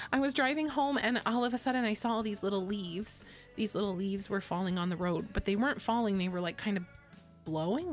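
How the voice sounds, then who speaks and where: A young woman streamer chatting casually, rambling, swearing and laughing often. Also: mid-range voice. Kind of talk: casual live-stream chat.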